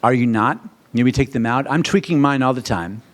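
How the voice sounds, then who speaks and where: A middle-aged American man speaks as a wedding officiant presenting at a seminar. His delivery is theatrical and animated. He often rises sharply in pitch and volume when he poses questions to the room. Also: moderate pace. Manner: animated and theatrical, swings to loud high questions. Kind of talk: presentation to a live seminar audience.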